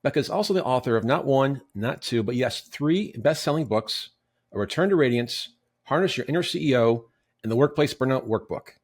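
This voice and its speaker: A man's voice: medium pitch, animated. A man hosting a podcast, reading a guest introduction and asking interview questions. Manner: brisk, reads intro with small self-corrections. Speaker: podcast host.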